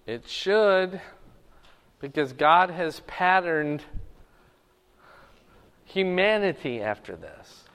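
A man's voice: fairly high pitch, big pitch swings, drawn-out words, pauses often, fairly bright tone, clear, resonant tone, in a large hall. A man teaching a Bible lesson to a class, often checking that his students are following.

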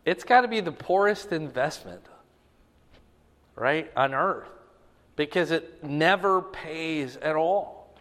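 Male pastor, unhurried sermon delivery with rhetorical questions, high-pitched voice, recorded in an echoing church hall. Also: lively intonation, a bit bright. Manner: reads scripture with rising emphasis, then explains casually; asks the audience rhetorical questions.

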